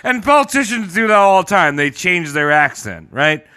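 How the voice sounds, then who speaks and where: A man's voice: high-pitched, big pitch swings, moderate pace, bright, forceful tone, clean tone. A man co-hosting a casual comedy podcast, sarcastic and profane. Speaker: podcast co-host.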